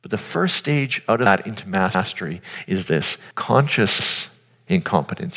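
A man with a deep voice delivers an earnest, informal sermon straight to his audience, his intonation lively, his pace measured and his tone fairly bright. It's a conversational sermon, recorded with long hall reverb.

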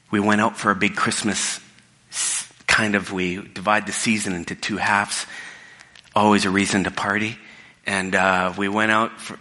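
Bright-voiced man preaching in a reverberant hall. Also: lowish voice. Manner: conversational storytelling with restarts. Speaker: pastor. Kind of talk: sermon.

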